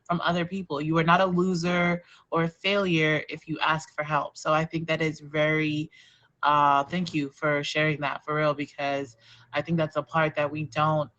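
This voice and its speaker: A host speaks with a bright, pushing tone, earnest and encouraging, and circles back to the same points to drive them home. The audio is dull and lo-fi, with a muffled edge. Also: medium pitch, little pitch movement, normal speed. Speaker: podcast host. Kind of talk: supportive casual chat.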